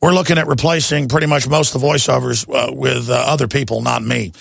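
A middle-aged man hosting a talk radio show, with a raspy, blown-out voice, talking in a wound-up, jabbering way. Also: mid-range voice, fairly even intonation, fast talker, no room sound, clean studio sound. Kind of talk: fast rambling talk radio monologue.

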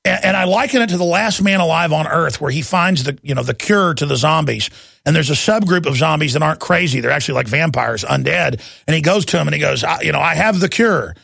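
Gravelly husky guy ranting on talk radio, kinda high voice, dry close sound. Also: fast, fairly bright tone, no room sound. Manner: heated, ranting, jumps between news items; mocks opponents in put-on voices. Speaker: radio talk show host.

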